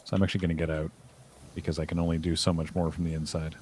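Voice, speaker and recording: A man's voice: very deep voice, flat delivery, racing, mellow, slight background noise. A man hosting a multiplayer game stream, chatting casually and explaining the game to viewers step by step. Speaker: stream host. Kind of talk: casual gameplay chat.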